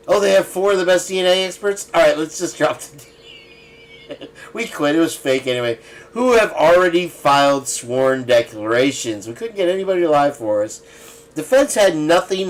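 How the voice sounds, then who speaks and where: A man hosting a casual live stream, reading viewer comments aloud and adding sarcastic asides with frequent chuckles. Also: a little high. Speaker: livestream host.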